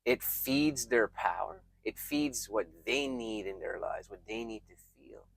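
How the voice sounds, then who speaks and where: A man giving reflective, emphatic self-help advice straight to his viewers, pausing often and restarting his sentences. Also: lowish voice, lively intonation, creaky. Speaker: self-help video creator. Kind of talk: earnest self-help talk to camera.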